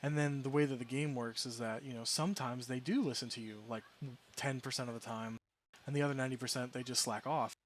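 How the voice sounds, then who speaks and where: A game streamer chats casually, rambling through a story with restarts, self-corrections and amused asides. His voice is medium in pitch and steady in tone, he talks fast, and there's slight background noise.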